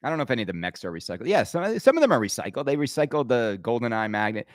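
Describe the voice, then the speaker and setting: A man's voice: mid-range voice, very animated, racing, no room sound. Fired-up man ranting, dry close sound. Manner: emphatic and rambling, with frequent stammered restarts. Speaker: podcast host. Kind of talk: opinionated podcast rant.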